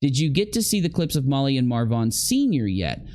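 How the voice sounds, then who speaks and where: Man, livestream commentator, casual, chatty, acts out reactions, very animated pitch, mid-range voice. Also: brisk. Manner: chatty, talks straight to viewers, acts out reactions.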